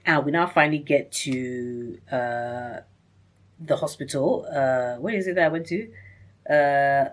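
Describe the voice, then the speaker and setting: A woman vlogging a personal story in a chatty, rambling way, acting out what people said with big jumps in pitch. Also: a little slow. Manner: animated, acts out reported speech with big pitch jumps; chatty, rambling, many fillers and restarts.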